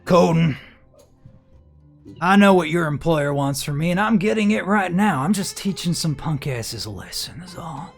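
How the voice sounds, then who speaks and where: A man putting on a gruff half-dragon gunslinger. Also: fairly high pitch, expressive, normal speed, faint music behind, heavily acted. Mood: menacing. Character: hulking male half-dragon gunslinger, menacing, low-voiced.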